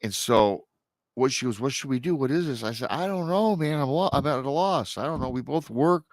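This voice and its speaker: A man in his thirties, a podcast guest, telling a personal paranormal story in a casual, animated way and acting out the people he quotes. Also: mid-range voice, brisk, no echo. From Michigan.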